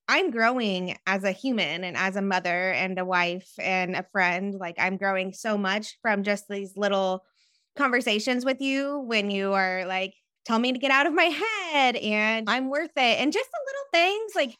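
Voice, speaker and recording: A woman's voice: medium pitch, fairly bright tone, no room sound, studio quality. A woman guest, a business owner and mother, speaking openly and heartfelt in a candid interview over a call. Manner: heartfelt, open, slightly giggly.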